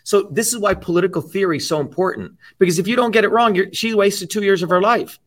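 A man on an interview show speaks bluntly and emphatically, with a fairly high voice. He drives his points home with profanity and sounds a little distant from the microphone. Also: fast. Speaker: interview guest. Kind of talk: casual interview talk.

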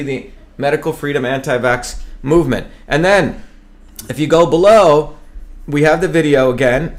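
A man from India running for office, speaking emphatically to camera and often stumbling on and repeating his words. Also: on the high side. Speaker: political candidate hosting a web show. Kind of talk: campaign talk to camera.

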